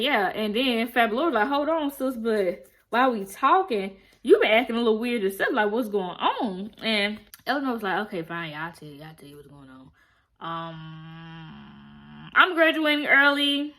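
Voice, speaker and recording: A woman's voice: mid-range voice, fairly bright tone. A young woman vlogger giving a casual, chatty recap of a TV episode, acting out quoted lines and addressing viewers directly. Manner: chatty storytelling, acts out quoted lines, talks straight to viewers. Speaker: TV review vlogger.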